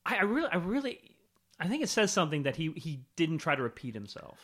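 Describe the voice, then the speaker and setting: Lively man co-hosting a film talk. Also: a little high, quick pace. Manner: lively, thoughtful, laughs easily. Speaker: podcast co-host. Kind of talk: casual film discussion.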